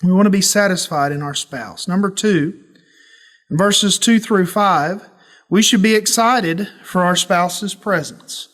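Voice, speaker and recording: A man leading a church Bible study, teaching in a folksy, animated storytelling way. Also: high-pitched, measured pace. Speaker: pastor.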